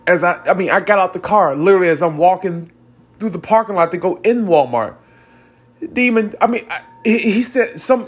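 A man's voice: high voice, slightly rough. A young man earnestly recounting a spiritual experience in a rambling way, with many restarts and moments where he gets tearful. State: tearful at times. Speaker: vlogger. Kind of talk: personal spiritual storytelling.

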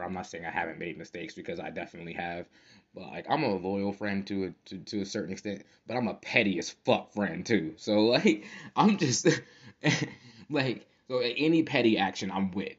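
A man's voice: low voice, highs cut off. A man hosting a casual solo podcast, slangy and profane, often laughing as he tells stories. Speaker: podcast host.

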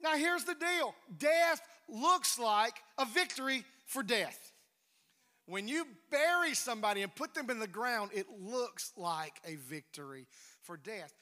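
High bright-voiced man preaching. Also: animated, a little slow. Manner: emphatic preaching, swinging between loud declarations and hushed near-whispers. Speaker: pastor. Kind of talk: sermon. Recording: reverberant hall.

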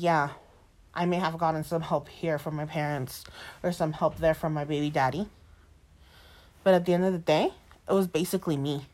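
A woman of twenty-nine, a single mother, venting in a defiant monologue full of swearing and repetition, slipping between English and Spanish. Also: on the low side. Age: 20s. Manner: heavy swearing, defiant, repeats herself.

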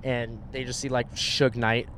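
A man's voice: medium pitch, little pitch movement, measured pace, a bit bright. A young man from Southern California animatedly telling stories to a friend, swearing and saying "bro" and "dude" often. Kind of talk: casual storytelling to a friend. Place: inside a moving car. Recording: car ride with faint road noise.

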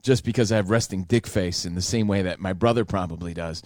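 A man co-hosting a radio talk show, chatting casually with animated, profane banter. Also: low voice, fast talker, no echo, studio quality.

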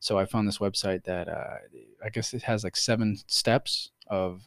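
A young man co-hosting a podcast, chatting casually, swearing a lot, and putting on quick voices when he tells a story. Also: lowish voice, no echo. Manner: animated, swearing, puts on voices for the cat. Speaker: podcast co-host. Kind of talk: casual chat.

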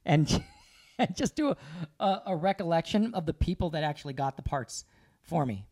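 Animated man telling stories. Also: fairly high pitch, normal speed. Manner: animated storyteller, laughing often and putting on voices. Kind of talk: casual chat.

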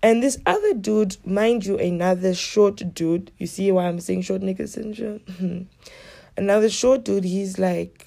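A woman's voice: mid-range voice, moderate pace, gravelly. A woman telling stories to her viewers in a casual, blunt rant, swearing freely and acting out what people said. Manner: blunt, heavy swearing, animated retelling. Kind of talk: casual storytelling rant to camera.

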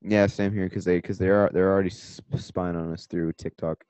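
A young man co-hosting a podcast in casual chat, jokey and animated, often trailing off into a mutter. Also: sits low, normal speed, clean tone, dry recording, lo-fi sound. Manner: animated, jokey, drops to a mutter at line ends. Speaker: podcast co-host.

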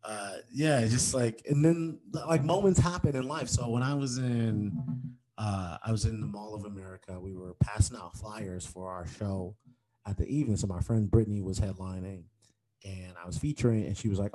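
A young adult man from Detroit, a stand-up comedian telling stories in a casual interview and acting out the voices of people he quotes. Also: moderate pace. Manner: animated, acts out quoted voices with big pitch jumps.

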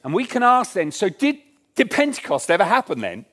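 A man's voice: sits high, huge pitch swings, brisk, a bit bright. A man preaching a sermon in church, earnest and emphatic, repeating his key lines. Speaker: pastor.

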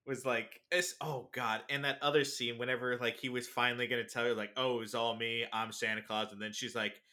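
A man's voice: medium pitch, level tone, fairly quick, sharp tone. A man co-hosting a podcast, animatedly retelling scenes and laughing in casual chat. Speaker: podcast co-host.

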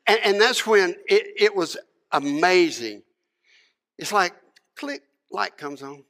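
A pastor preaching a sermon, telling a story with animated acted-out moments and dropping to a hushed tone to reflect. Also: male voice, a little high, normal speed, vocal fry.

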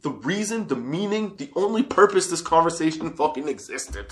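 A man's voice: fairly high pitch, sing-song, normal speed, slight background noise. A man in his thirties telling a workplace story as a casual monologue, swearing freely and laughing often.

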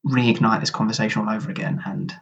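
Husky, wry male podcast co-host. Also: lowish voice, fairly even intonation, fast. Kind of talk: casual chat. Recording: muffled at times from tech problems.

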